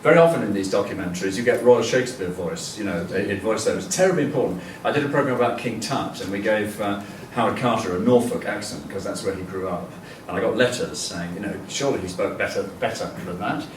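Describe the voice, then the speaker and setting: A man's voice: fairly low pitch, fast, few pauses, a little hiss or hum. An older man giving a chatty, rambling public lecture full of fillers and restarts. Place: lecture hall. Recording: echoey hall, distant mic.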